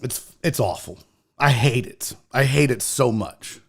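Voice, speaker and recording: A man's voice: medium pitch, unhurried, breathy edge. A man in his forties hosting a show, delivering a heated, profane rant and mocking others in put-on voices. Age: 40s. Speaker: show host. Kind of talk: livestream rant.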